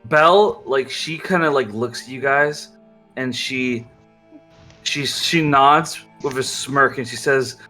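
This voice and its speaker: A man narrating as game master in a tabletop game, often halting and restarting his sentences. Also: medium pitch, pushed and bright, soft background music. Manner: halting, filler-heavy narration.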